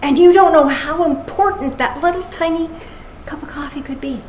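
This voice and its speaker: A woman minister giving a casual, playful sermon with animated asides. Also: high voice, normal speed. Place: church service. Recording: echoey room with faint noise.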